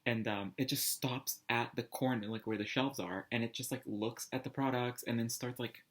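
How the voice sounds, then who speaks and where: Male storyteller, casual and rambling, animated delivery, average pitch. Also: moderate pace. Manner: rambling, animated, heavy use of "like" and restarts. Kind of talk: casual anecdote telling.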